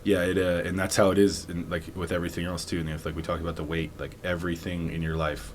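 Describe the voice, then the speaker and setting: Guest spot: young man, very low voice, loose rambling delivery full of likes and restarts, light hiss behind. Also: level tone, quick pace. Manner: rambling, many likes and restarts, laughs often. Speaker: podcast guest, former football player. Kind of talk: casual storytelling interview.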